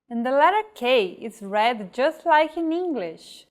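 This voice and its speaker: A woman with a slightly high voice gives a slow, deliberate grammar lesson. She speaks each example word on its own, with clear pauses between them. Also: animated. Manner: deliberate, spelling out example words carefully. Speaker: language teacher.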